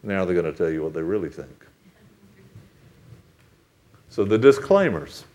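A man delivers a church sermon, reading scripture in a measured, solemn cadence before explaining it in plain speech. His delivery swings widely, climbing to loud, emphatic peaks and then dropping to soft, low-voiced asides to the congregation. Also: very animated. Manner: reads scripture in solemn King James cadence. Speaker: pastor.

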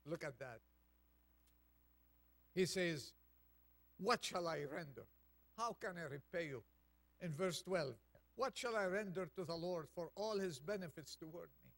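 A man preaching a Thanksgiving sermon, reading a poem aloud softly and then building up with rising intensity. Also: a little high, lively intonation, unhurried, vocal fry, long pauses, no echo.

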